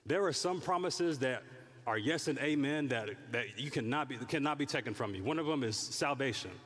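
A man preaches to his congregation, slipping into playful impressions of people praying and grumbling. His voice sits at an ordinary pitch. The sound carries the long reverb of a church hall. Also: moderate pace, breathy edge. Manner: animated, acts out prayers and complaints in character voices. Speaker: pastor. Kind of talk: sermon.

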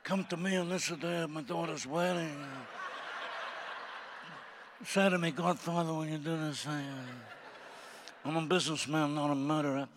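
A man in his seventies doing an impression of an elderly mob boss, speaking low and slow. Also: fairly even intonation, noisy background, close to an everyday voice. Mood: menacing. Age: 70s.

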